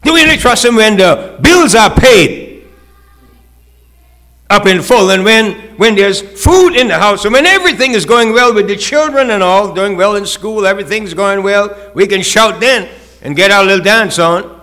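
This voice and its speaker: High, bright-voiced preaching man. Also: lively intonation, normal speed. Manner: preaching with rising, emphatic calls and acted quotes. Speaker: pastor. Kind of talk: sermon.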